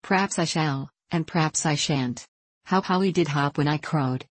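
A woman voicing a mischievous, bossy young boy who drawls his teasing slowly, in a low, dry voice. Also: slightly rough, dry recording.

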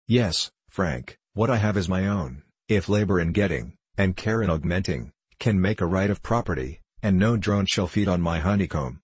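A stern, proud old merchant father with a very low, husky voice, as a male reader puts him on. He speaks curtly, in a commanding tone. The recording is dry and close, from a storybook reading. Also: lively intonation, normal speed, hardly any pauses, a little mellow, dry recording. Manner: curt and commanding.

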